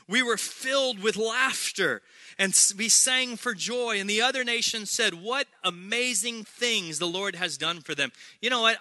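A man preaching a sermon as pastor, energetic and humorous, repeating key phrases for emphasis. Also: sits high, no echo.

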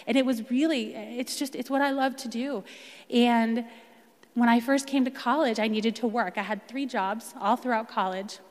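A young American woman with a fairly high voice tells her story with earnest feeling and acts out the voices of the people in it. A long reverb trails behind her as if she is in a big hall. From United States. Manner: earnest storytelling with lively acted-out quotes. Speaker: speaker sharing a personal testimony. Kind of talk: personal testimony talk.

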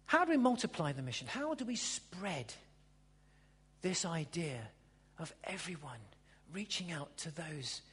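A preacher delivering a sermon with a lively voice that swings widely up and down in pitch. The tone is slightly husky, and the preacher hammers home repeated phrases. The voice rings with the long reverb of a church hall. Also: a little slow. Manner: emphatic, repeats phrases, drops to a hush for emphasis.

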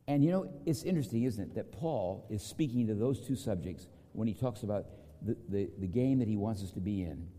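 A man preaching a sermon, telling a parable and acting out the quoted lines as he goes. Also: a little fast. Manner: storytelling with acted quotes, lively pitch swings. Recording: long hall reverb.

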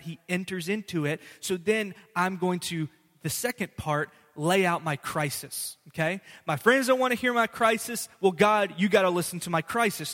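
A male pastor giving a lively, conversational sermon, often checking in with the congregation. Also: sits high. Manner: conversational, animated preaching with asides to the congregation. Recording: preached in a hall with long reverb.

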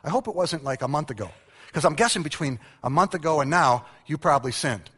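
A middle-aged man preaches with bright, forceful energy, acting out quotes and poking fun at himself. His fairly high voice rings out in a large church hall with a long reverb tail. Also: fast talker, husky. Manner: animated storytelling, acting out quotes, self-mocking humor. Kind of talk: humorous sermon.

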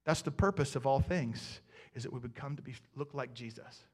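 A man's voice: mid-range voice, fairly quick. A man preaching a sermon as pastor, talking conversationally and asking the congregation questions.

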